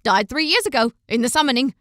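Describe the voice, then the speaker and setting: A wild-eyed, half-mad old man, read by a woman with a high voice, talks in short, broken mutters as though half to himself. The fantasy audiobook voice sits close and dry, with no room around it. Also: animated, fast, a bit bright, no room sound. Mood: rambling. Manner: clipped, fragmented muttering. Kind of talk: audiobook character voice.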